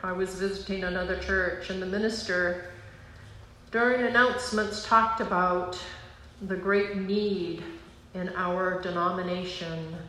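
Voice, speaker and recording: A woman pastor giving an earnest, emotional personal testimony from the pulpit, slow and pausing. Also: fairly low pitch, fairly bright tone, slight background noise. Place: church sanctuary. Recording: roomy church hall sound.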